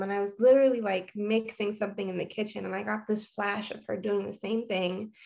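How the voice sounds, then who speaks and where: A woman in her thirties with a fairly high voice tells a personal story in casual conversation. Her delivery is reflective and halting, with sentences often restarted. She sounds like a guest sharing a memory. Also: gravelly, a little mellow.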